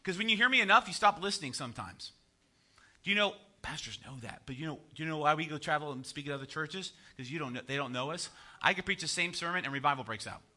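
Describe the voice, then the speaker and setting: A pastor preaching with a light lilt, his high voice ringing bright and forceful. He keeps it conversational and jokey, checking in with the congregation with quick "right?" asides. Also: lively intonation. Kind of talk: sermon.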